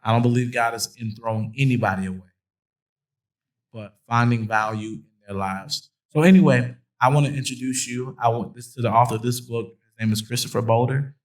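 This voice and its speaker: Male host at a conference, middle pitch; preaching cadence, repeats lines for emphasis, jokes with the crowd. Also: fairly even intonation, fairly quick, low-quality recording. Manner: emphatic, repeats phrases for stress, playful asides. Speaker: host introducing a guest speaker. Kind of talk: preaching-style conference talk. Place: conference hall with an audience.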